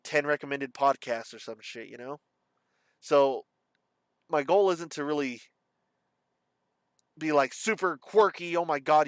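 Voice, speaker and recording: Casting: young male streamer, slight lisp, rambling and halting delivery, smooth voice, dry close recording. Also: mid-range voice, no room sound. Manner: rambling, halting, self-described stutter. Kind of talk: casual vlog monologue.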